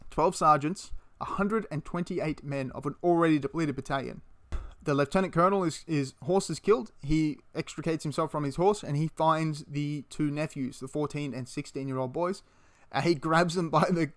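A man telling a battle story casually, swearing and acting out the quotes. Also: on the high side. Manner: animated, swears, acts out quotes in character. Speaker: history video host. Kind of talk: casual storytelling history talk.

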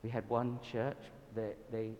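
A man with a Southern English accent speaks at a church gathering, recounting mission stories in a lively, self-deprecating manner. His voice sits in a mid range. It rings with a long hall reverb over faint background noise. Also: mid-range voice, unhurried, dull audio. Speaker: guest speaker at a church event. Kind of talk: storytelling sermon talk.

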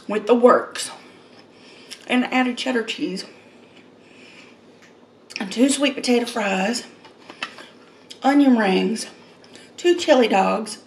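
A woman talks casually to her viewers while she eats, unhurried and chatty. She laughs easily between bites. Her voice carries a roomy echo over a faint hum of noise. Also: medium pitch. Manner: chatty, laughs often, slow and relaxed. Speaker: mukbang vlogger. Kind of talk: casual eating vlog chat. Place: home, eating at a table.

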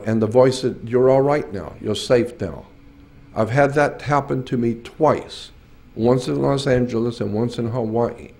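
A man in his late sixties speaks at a symposium in an earnest, emphatic way. He tells personal stories and circles back over his phrases for weight. His voice sits in an ordinary middle pitch. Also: darkish tone. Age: 60s.

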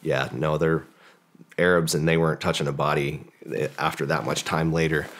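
A man's voice: a bass voice, level tone, moderate pace, a bit bright. A man, a former special forces operator, telling a long story in a casual podcast interview, rambling with many fillers and acting out the dialogue.

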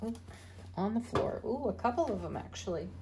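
A middle-aged woman giving a daily tarot reading in a gentle, spiritual way, laughing often. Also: mid-range voice, expressive, brisk, a little hiss or hum. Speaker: tarot reader.

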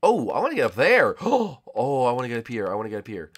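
A young man giving casual, excitable let's-play commentary as a gaming YouTuber, swinging from loud shouts to low muttering. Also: quick pace.

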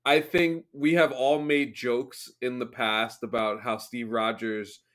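A man hosting a podcast, chatting casually, enthusiastic and halting as he restarts his sentences. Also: medium pitch, fairly even intonation, a bit bright. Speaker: podcast host. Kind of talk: casual chat.

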